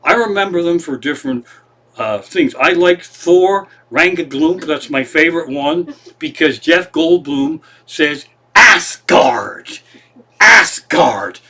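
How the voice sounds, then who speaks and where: A man hosts a loose comedy stream from his living room, talking in a slightly high, bright, forward voice. He meanders from one tangent to the next and sprinkles in plenty of profanity, poking fun at himself as he goes. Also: unhurried. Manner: profane, meandering, self-deprecating. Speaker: comedian host. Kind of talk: rambling comedic monologue.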